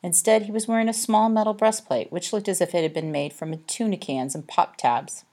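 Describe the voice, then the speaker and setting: A woman narrating an audiobook in a measured, expressive way. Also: on the low side. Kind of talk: scripted narration.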